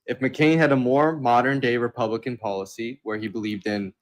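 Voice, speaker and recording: A man's voice: medium pitch, fairly even intonation, brisk. A man calling into a livestream, arguing politics and talking over others. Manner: argumentative, talks over others. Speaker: caller. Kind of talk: political debate.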